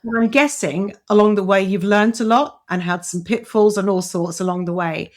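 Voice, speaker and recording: A woman's voice: mid-range voice, moderate pace. A woman hosting an interview podcast, chatty and encouraging, with frequent fillers and restarts. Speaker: podcast host.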